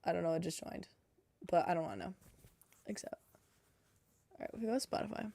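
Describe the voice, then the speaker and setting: A woman's voice: lowish voice, a little fast, gravelly, mellow, breathy edge. A woman livestreaming her game development, chatting casually into a headset and talking to herself in a flustered, self-deprecating way. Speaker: game dev streamer.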